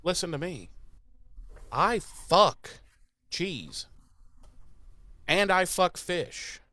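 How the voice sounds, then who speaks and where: Lively podcast co-host, male, raised pitch, profane and mocking, casual recap chat. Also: extremely slow, no echo. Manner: animated, profane, mocks characters in put-on voices.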